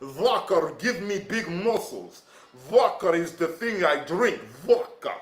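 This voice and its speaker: Man doing a swaggering vodka-loving Russian strongman with a high, bright voice and a lot of bounce, broken English, echoey room. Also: animated, slow pace. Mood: boastful. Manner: broken English, mock heavy accent.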